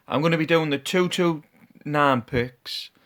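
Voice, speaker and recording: A man's voice: on the high side, takes it slowly, a bit bright. A man vlogging his fight predictions in a casual, unscripted way, laid-back and hesitant, often trailing off and restarting. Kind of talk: casual talk to camera.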